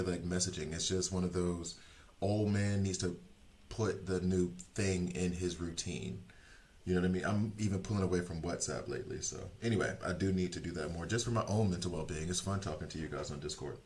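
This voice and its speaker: A man's voice: sits low, slight background noise. A young man streaming, chatting casually with viewers in a rambling, self-deprecating way, full of fillers and restarts.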